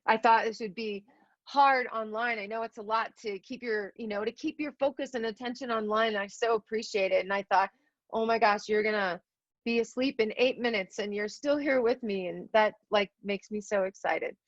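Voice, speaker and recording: A middle-aged keynote speaker addresses teachers on a video call with earnest feeling, repeating lines for emphasis in her heartfelt talk. Her voice is a little high at a moderate pace, and the recording is dry and slightly dull, with no room sound.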